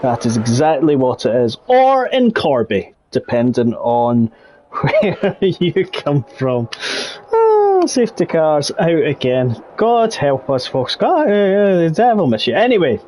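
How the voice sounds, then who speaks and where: A man giving jokey, excitable live commentary on an online racing league. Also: fairly high pitch, a little slow. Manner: jokey, excitable, laughs between calls. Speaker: race commentator.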